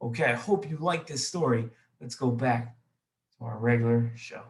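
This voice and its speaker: A man's voice: medium pitch, moderate pace, a little mellow, echoey room, poor audio. A man, a rabbi, telling a children's story in an explanatory way, talking to the listener directly.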